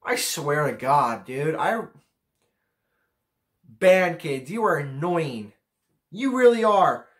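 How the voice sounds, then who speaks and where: A man's voice: on the high side, animated, slow, long pauses, a bit bright. A teenage boy vlogging a casual rant to camera, ranking pet peeves in a profane, exasperated way. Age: teens.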